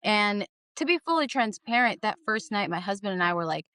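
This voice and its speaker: A woman's voice: mid-range voice, very animated, a little fast, few pauses, fairly bright tone, no echo, studio quality. A young adult woman, a podcast guest, telling her story in casual, earnest speech and repeating phrases for emphasis.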